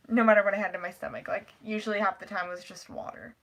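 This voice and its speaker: Teen girl vlogger, rambling storytime delivery, lots of "like", mid-pitched. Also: fairly quick. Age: teens. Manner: rambling, animated retelling with frequent "like" and laughs. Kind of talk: casual storytime vlog.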